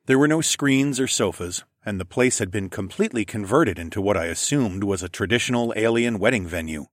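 Guy w a lowish voice reading a story, dry close mic. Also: lively intonation, brisk, no echo. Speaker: narrator. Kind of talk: first-person story narration.

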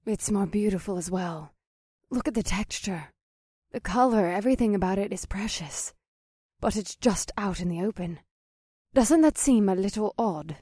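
A woman's voice: mid-range voice, animated, normal speed, mellow, slightly rough, no room sound, studio quality. A woman voicing Morgana, a studious, curious young witch in an audiobook. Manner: studious, inquisitive. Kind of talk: audiobook character voice.

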